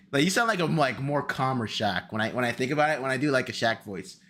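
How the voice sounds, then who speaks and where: A young man chatting on his stream, rambling through his setup. His pitch jumps around a lot as he exclaims and talks to himself. The talk is loose and casual. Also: lively intonation, fairly quick, fairly bright tone. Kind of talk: casual stream chat while setting up a video.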